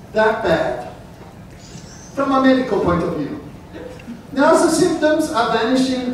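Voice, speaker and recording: Man doing a Viennese letter writer, deadpan, mid pitch, distant and roomy. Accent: put-on Viennese. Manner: reads a letter aloud in character, dry and matter-of-fact. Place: lecture room with audience. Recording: roomy, distant, faint noise.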